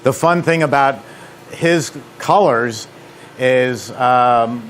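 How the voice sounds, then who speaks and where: A man's voice: mid-range voice, drawn-out words, fairly bright tone, a little hiss or hum. Chatty New man giving a demo. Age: 50s or 60s. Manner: chatty, joking storyteller. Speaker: equipment company president. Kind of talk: live seminar demonstration.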